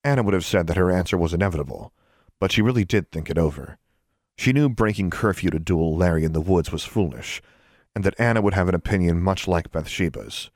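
A man narrating a story aloud with expressive delivery. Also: low voice, a little fast, dry recording, clean studio sound. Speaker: audiobook narrator. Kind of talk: scripted narration.

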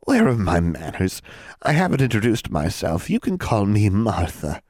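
A man's voice: on the low side, sing-song, moderate pace, darkish tone, dry recording, studio quality. A man putting on a cunning old hag's falsely sweet voice. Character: cunning old female hag, sweet then menacing.

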